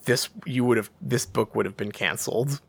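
A podcast co-host in casual book-discussion chat, rambling and animated, full of fillers. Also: mid-range voice, moderate pace, gravelly, breathy edge, no room sound. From England.

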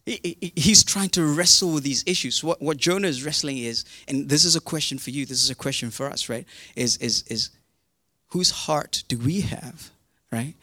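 Animated male preacher, dry sound. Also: fairly high pitch, normal speed, no room sound. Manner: animated, repeats words, acts out quotes. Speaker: pastor. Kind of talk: sermon.

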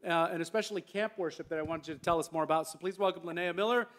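A man's voice: fairly high pitch, very fast, a bit bright. A male pastor preaching a conversational sermon with casual asides and restarts in a church sanctuary.

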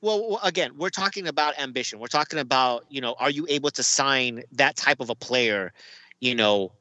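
A man's voice: medium pitch, moderate pace, bright, forceful tone, no echo, lo-fi sound. A man co-hosting a casual soccer talk show, rambling with many ums and restarts. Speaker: podcast co-host.

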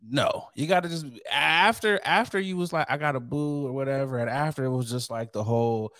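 A man's voice: mid-range voice, a little fast, few pauses, a bit bright, no echo, studio quality. A young adult man hosting a casual chat, playful, laughing easily and acting out quoted lines.

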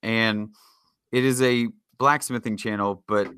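A man's voice: lowish voice, fairly even intonation, unhurried, a bit bright, smooth, no room sound, studio quality. A man co-hosting a casual podcast, telling a rambling story with frequent self-corrections. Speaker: podcast co-host. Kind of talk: casual chat.

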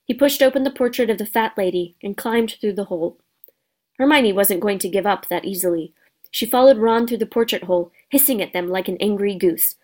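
A woman reading a children's storybook aloud as narrator, steady and expressive. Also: medium pitch, fairly quick. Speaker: audiobook narrator.

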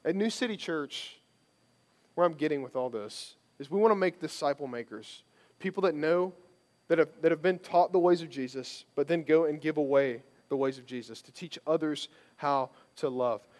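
A man's voice: fairly high pitch, normal speed, darkish tone. A man giving a sermon as a pastor, conversational and emphatic, repeating phrases for stress.

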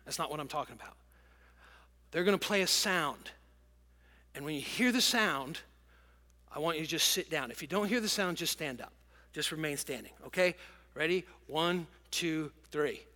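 A middle-aged man preaching a sermon to a congregation, telling stories in an animated, emotional way. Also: on the high side, normal speed, long pauses. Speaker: pastor. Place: large church auditorium with congregation. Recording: long church hall reverb.

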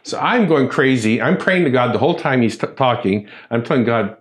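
A man tells a personal story in conversation, his voice rising and falling widely. He acts out what each person said with sudden jumps in pitch. His pitch sits in a middle register. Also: expressive, brisk, few pauses. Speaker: church ministry volunteer.

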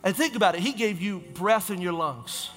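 A man preaching as a pastor, in an impassioned, repetitive style with quick self-corrections. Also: high-pitched, lively intonation, a bit bright, in a large hall, faint music behind. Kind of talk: sermon.

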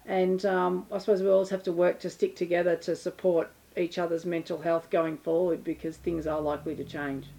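A woman's voice: fairly low pitch, level tone, a little fast, hardly any pauses, warm tone, a little hiss or hum. A woman hosting a podcast, chatting casually with her stepson and laughing at herself. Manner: chatty, self-deprecating, laughs easily. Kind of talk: casual interview chat.

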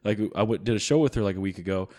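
A man from the American South with a softened Southern accent, chatting casually and joking, slipping into mock voices when he quotes people. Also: fairly low pitch, racing. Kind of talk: casual chat.

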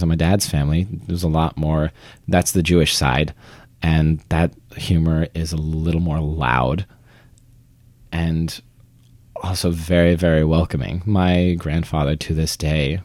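A man's voice: very deep voice, fairly even intonation, a little slow, darkish tone, no echo. A young man from Vermont who works in theater, talking casually in an interview, chatty and self-deprecating, often trailing off and restarting. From Vermont, United States. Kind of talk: conversational interview.

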